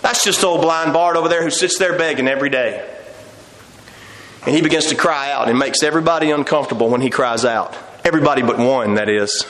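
A man's voice: a little high, a bit bright, echoey room, a little hiss or hum. A man preaching a sermon with fervor, acting out voices and laughing now and then. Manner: fervent preaching, acts out quoted voices, laughs often.

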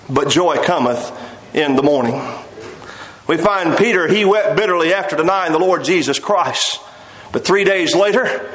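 This sermon comes through poor, reverberant audio, delivered by a man whose fairly bright voice sits high. He addresses the congregation as "my friends" while quoting scripture in archaic King James language.

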